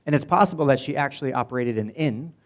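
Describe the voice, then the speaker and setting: A man's voice: mid-range voice, expressive, quick pace. Casual joking man preaching a sermon. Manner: casual, joking storyteller who retells Bible scenes in voices. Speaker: pastor.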